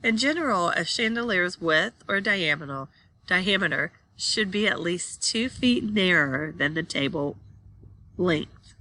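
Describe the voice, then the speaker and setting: A woman's voice: on the low side, lively intonation, a little slow, sharp tone. A woman teaching a class, reading slide text aloud and then explaining it while pointing at pictures.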